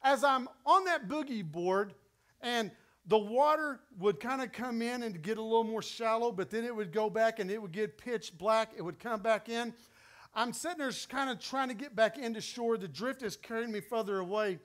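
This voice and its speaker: A middle-aged man with a West Texas accent, preaching a sermon through an animated personal story that builds to emphatic peaks. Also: extremely high pitch, moderate pace. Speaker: pastor.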